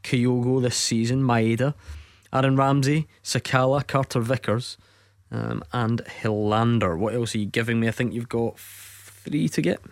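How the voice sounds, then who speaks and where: A man's voice: medium pitch, steady tone, measured pace, hardly any pauses, no echo, studio quality. A man hosting a football phone-in show on radio, talking casually and hedging as he goes. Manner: chatty, hedging, self-correcting. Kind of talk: casual sports chat.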